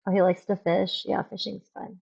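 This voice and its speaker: A woman's voice: medium pitch, little pitch movement, moderate pace, creaky, a little mellow, husky, muffled recording. A young woman streaming a game, chatting casually and rambling with lots of fillers. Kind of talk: casual gameplay commentary.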